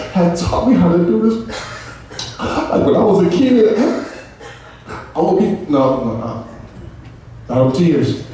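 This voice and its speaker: A man preaching a sermon as pastor, lively, calling on the congregation to answer back and acting out quotes. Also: sits high, slight background noise. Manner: animated preaching with call-and-response and acted quotes. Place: large church hall. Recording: echoey hall, far from mic.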